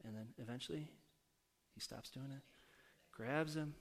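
A man's voice: medium pitch, moderate pace, creaky. Conversational man preaching a sermon. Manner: conversational, asks the audience questions. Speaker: pastor. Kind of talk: sermon with storytelling.

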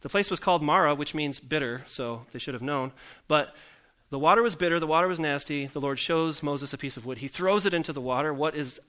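Bright-voiced joking pastor man. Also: a little high, brisk, few pauses. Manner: joking, self-deprecating asides; rhetorical questions to the congregation. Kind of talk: conversational sermon.

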